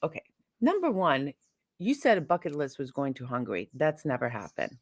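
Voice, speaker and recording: A woman's voice: low voice, huge pitch swings, brisk, dry recording, clean studio sound. A woman co-hosting a casual live stream, teasing her partner and reading out viewer questions. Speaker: co-host. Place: home in Sicily.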